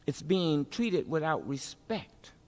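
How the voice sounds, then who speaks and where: A woman performing spoken-word poetry with rhythmic, emphatic refrains and dramatic pauses, then speaking informally at a festival event. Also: sits low, expressive, darkish tone. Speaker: poet and city politician speaking at a festival. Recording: long reverb of a large hall.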